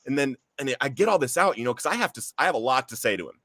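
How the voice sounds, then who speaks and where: A man's voice: medium pitch, lively intonation, fast, bright, forceful tone, no room sound. A man hosting a recovery podcast, sharing a personal testimony in an earnest, heartfelt storytelling manner. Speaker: podcast host.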